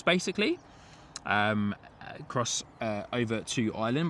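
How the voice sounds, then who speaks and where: A man's voice: mid-range voice, fairly bright tone. An English man in his thirties hosting a live plane-spotting stream outdoors at an airport, chatting loosely with many fillers and laughs. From England. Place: outdoors at an airport, light rain. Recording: outdoor stream with faint background noise. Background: faint outdoor and vehicle noise.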